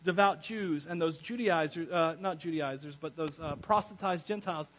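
Male pastor, higher-pitched and husky, preaching a chatty, laughing sermon full of asides. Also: normal speed, hardly any pauses, low-quality recording. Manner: animated, laughs often, self-correcting asides.

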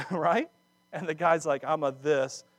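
A man preaching a sermon, acting out scripture dramatically with laughs and quick asides. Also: on the high side, dry recording. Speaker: pastor.

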